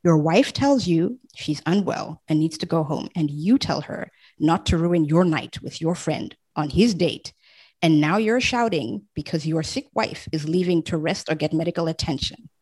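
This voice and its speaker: A woman voicing a protective, blunt athletic man who speaks low and firmly in a storybook reading. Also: expressive, normal speed, darkish tone, breathy edge, no room sound.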